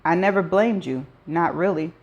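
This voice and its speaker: A woman voicing a grieving woman who speaks softly and tenderly, reading from a storybook. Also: on the low side, normal speed, highs cut off. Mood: sorrowful. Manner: soft, pleading.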